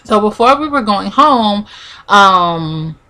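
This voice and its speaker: A woman's voice: mid-range voice, animated, slow, pushed and bright. A young woman vlogger telling a personal story in a chatty, casual way, full of "like" and acted-out quotes. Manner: chatty, peppered with "like", acts out quotes.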